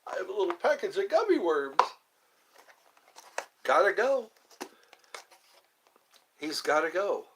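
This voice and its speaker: A man's voice: sits high, sing-song, takes it slowly, pauses often, noisy background. A man live-streaming in a casual chat, reading viewer comments aloud and rambling playfully with frequent giggles.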